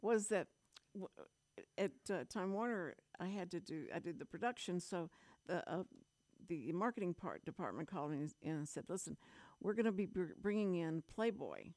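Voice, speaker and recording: A woman hosting a radio talk show, telling a story in lively casual chat and laughing often. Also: lowish voice, dry recording. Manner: animated storyteller, laughs often, quick asides.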